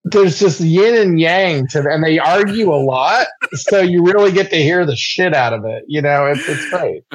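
A man guest on a casual podcast chat, telling an animated family story. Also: a little high, normal speed, dull audio.

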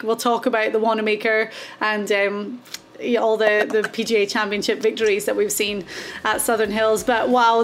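A woman co-hosting a podcast, chatting eagerly and laughing easily. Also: a little high. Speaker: podcast co-host. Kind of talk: casual chat.

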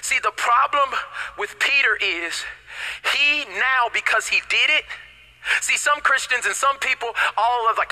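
High, bright-voiced preacher man. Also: unhurried, poor audio. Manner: animated, casual slang, swings between loud and hushed. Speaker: pastor. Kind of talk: sermon.

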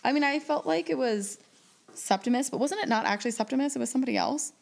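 A young woman co-hosting a book podcast in relaxed casual chat. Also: high-pitched, fast, vocal fry. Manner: relaxed, conversational, fillers like "like".

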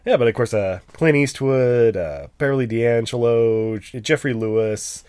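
A man's voice: mid-range voice, a little slow, darkish tone, clear, resonant tone, no echo. A man co-hosting a movie podcast in casual chat, sounding stuffed up, joking and rambling with fillers. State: stuffed-up nose. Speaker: podcast co-host.

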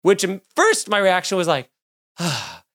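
A male comedian and podcast host telling a story in a casual monologue, animated and swearing, acting out the people he quotes. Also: sits high, measured pace.

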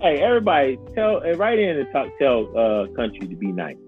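A man co-hosting a podcast in casual chat, animated and joking, laughing often. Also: mid-range voice, brisk, narrow, tinny audio, faint music behind. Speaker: podcast co-host.

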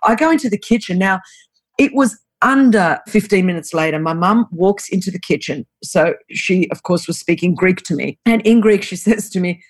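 A woman's voice: fairly low pitch, normal speed. Laughing Australian woman telling a story. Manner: lively, laughing, acts out voices in her anecdotes. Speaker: guest. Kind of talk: storytelling in an interview.

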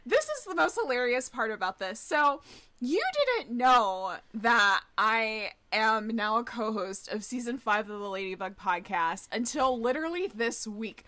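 A woman on a video call talks in a casual, animated way, laughing often and swearing without a second thought. Her voice is high and bright, and her pitch rises and falls all the time. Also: measured pace. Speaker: podcast co-host guest. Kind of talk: casual chat.

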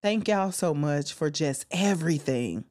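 Heartfelt woman podcast host, low voice. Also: animated, unhurried, darkish tone. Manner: heartfelt, testifying, exclaims often. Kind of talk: emotional solo podcast talk.

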